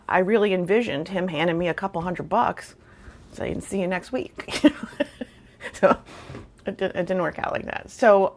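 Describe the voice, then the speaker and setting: A middle-aged woman with a low voice spins a casual anecdote to her viewers. She's wry and self-deprecating, chatting loosely with plenty of fillers. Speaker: storyteller vlogger.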